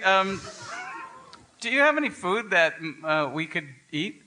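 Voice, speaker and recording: A man playing a tabletop game on stage, cracking deadpan, drawling jokes. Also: sits high, unhurried, a little hiss or hum. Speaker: guest player. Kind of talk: live tabletop game play. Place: live stage before an audience.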